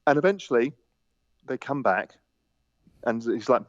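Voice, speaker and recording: A man telling stories on a podcast as a guest, animated, laughing, quoting the people in them. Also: mid-range voice, unhurried, no echo, muffled recording. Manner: animated anecdotes with laughter and quoted dialogue. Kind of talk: casual storytelling.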